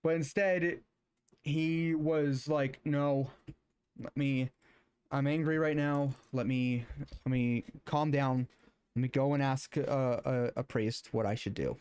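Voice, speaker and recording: Warm smooth-voiced man reading haltingly. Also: medium pitch, steady tone. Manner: hesitant, with frequent filler sounds and restarts. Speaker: streamer. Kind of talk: casual talk and halting Bible reading aloud.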